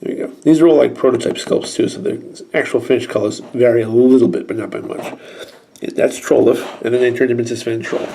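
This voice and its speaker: A man in his thirties reviewing an old toy, excitable and sarcastic, joking to the figures as he goes. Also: medium pitch, brisk, creaky, slight background noise. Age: 30s. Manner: excitable and sarcastic, talks to the toys.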